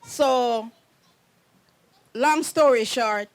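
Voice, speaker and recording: A woman's voice: fairly high pitch, very slow. A middle-aged woman, the groom's mother giving a wedding message, telling a meandering story, often saying "anyways" and laughing. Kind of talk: rambling personal storytelling.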